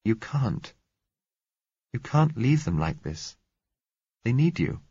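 A man reading a quiet, earnest girl under twenty, who speaks softly and a little unsteadily, pleading. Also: medium pitch, sing-song, slow pace, creaky, slightly rough, dry recording, dull audio, pitched above the performer's own voice, exaggerated voice.

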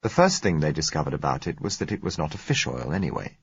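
A man reading a novel aloud in an even, measured storytelling manner. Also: rumbling low, gravelly, husky, dry recording, muffled recording. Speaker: audiobook narrator. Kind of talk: scripted narration.

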